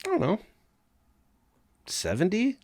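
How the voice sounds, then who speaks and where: A man, a podcast guest, telling crude anecdotes in a casual, animated way, swearing often and laughing as he goes. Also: high voice, slow. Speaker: podcast guest, band member. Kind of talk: casual storytelling.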